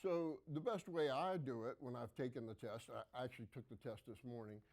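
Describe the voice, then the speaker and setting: A middle-aged man hosts a local TV health segment. He speaks plainly and folksily at a mid pitch, with plenty of fillers. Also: a little fast, a little mellow. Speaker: physician hosting a health segment. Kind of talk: conversational health talk to camera.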